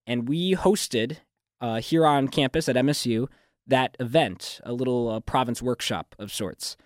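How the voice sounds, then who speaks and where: Young man, student guest on campus radio; polished newsreader cadence, mid pitch, dry studio mic. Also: measured pace, no room sound. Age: young adult. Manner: fluent, newsreader-like delivery with restarts and laughs. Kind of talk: casual radio interview. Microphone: studio microphone.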